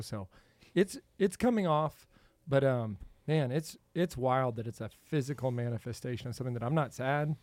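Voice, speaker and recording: Male podcast host, animated, laughs often, mid-pitched voice, dry close sound. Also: fairly quick, few pauses, dry recording. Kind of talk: casual chat.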